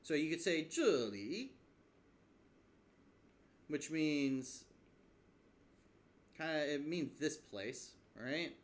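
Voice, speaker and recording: A man with a fairly high, very animated voice draws out his words and leaves long pauses. In a casual video lesson, this language learner teaches from his own study, thinking aloud with fillers and restarts.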